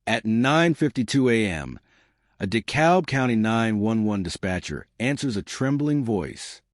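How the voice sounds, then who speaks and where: A man's voice: lowish voice, sing-song, unhurried, no room sound, studio quality. A man reading scripted true crime documentary narration in a dramatic, suspenseful storytelling manner.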